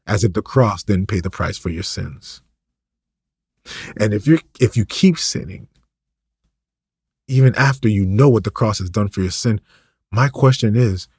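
A man's voice: fairly low pitch, creaky, a little mellow, breathy edge, dry recording, studio quality. A man preaching an impassioned, ranting sermon, full of repetition and rhetorical questions.

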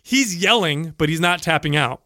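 A man telling a story in casual chat, animated and profane, acting out the voices of the people in it. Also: fairly high pitch, normal speed, dry recording, studio quality.

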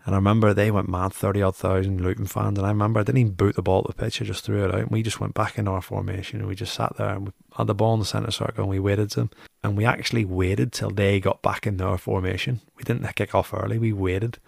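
Low gravelly guy chatting about his playing days, dry close mic. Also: flat delivery, fast talker, few pauses, no room sound. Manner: chatty, anecdotal, repeats phrases. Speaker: former goalkeeper, interview guest. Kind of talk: casual storytelling interview.

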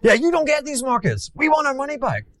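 A man's voice: extremely high pitch, huge pitch swings, fast, a bit bright, dry recording, pitched above the performer's own voice, heavily acted. A blunt, dismissive Italian billionaire, as a man acts him out with a put-on accent. His voice jumps well above the speaker's normal talk and lands short and cutting. It sounds dry and close, with no room around it. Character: brash adult male Italian billionaire investors.

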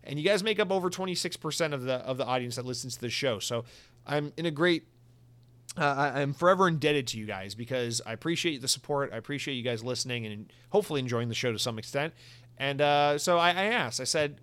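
A man's voice: mid-range voice, fast talker, clean tone, no echo. Chatty, joking male podcast host. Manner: chatty, joking, animated asides. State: out of breath. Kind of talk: solo gaming news podcast.

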